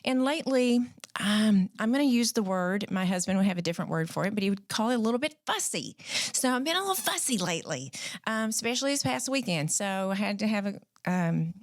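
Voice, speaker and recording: A woman in her fifties hosting a podcast, chatting casually and telling her story with animated restarts. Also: medium pitch, a little fast, no echo, clean studio sound. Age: 50s. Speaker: podcast host. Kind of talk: casual chat.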